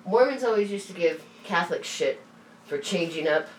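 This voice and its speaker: Casual woman, storyteller who swears and laughs, slightly low voice, set back from the mic in a roomy space. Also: lively intonation, moderate pace, recorded from a distance. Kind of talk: casual chat. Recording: roomy, off-mic, faint hiss.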